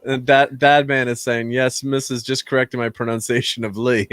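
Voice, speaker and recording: A man's voice: medium pitch, flat delivery, normal speed, a bit bright, no echo. Chatty man hosting a dry-sounding movie chat. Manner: rambling, chatty, laughs often. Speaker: host. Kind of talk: casual movie review chat.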